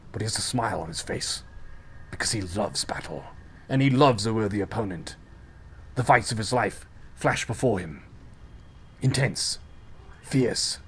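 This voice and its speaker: A man's voice: fairly low pitch, a little hiss or hum. A man game master narrating a tabletop fight dramatically, with spoken sound effects and casual swearing.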